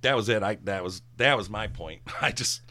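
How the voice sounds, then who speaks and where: A middle-aged man spins a rambling, profane story in easygoing chat. His voice sits on the low side, and he gets animated and loud as he retells it. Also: normal speed, very noisy. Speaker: guest storyteller, former bartender.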